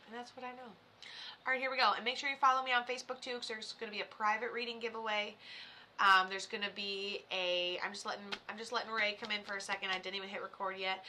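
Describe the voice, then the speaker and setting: Bright, chatty woman medium on a live stream. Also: fairly high pitch, slight background noise. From Florida. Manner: chatty, swears, talks to viewers. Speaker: psychic medium livestreamer. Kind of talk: casual live-stream chat.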